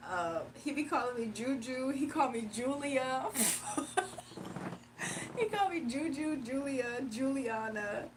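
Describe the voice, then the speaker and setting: This livestream host from Virginia, USA, reads comments in a casual chat, laughing a lot in a loose, playful way. Her expressive voice sits high, and she speaks a little slowly. The faint room noise comes from a mic placed a bit far away.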